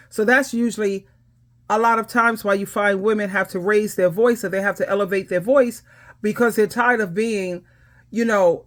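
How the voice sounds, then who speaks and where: A middle-aged woman advice coach giving emphatic, authoritative reaction commentary. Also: mid-range voice.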